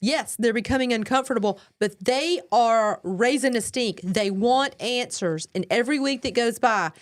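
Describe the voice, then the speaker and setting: Female co-host, slightly high voice, supportive interjector. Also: normal speed. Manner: affirming, interjects agreement. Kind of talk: casual political commentary.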